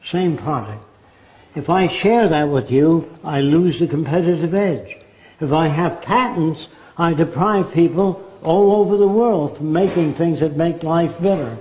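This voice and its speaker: A man's voice: fairly high pitch, unhurried, darkish tone. A man giving a blunt, sardonic talk full of rhetorical questions. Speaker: speaker. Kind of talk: lecture-style monologue. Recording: roomy echo.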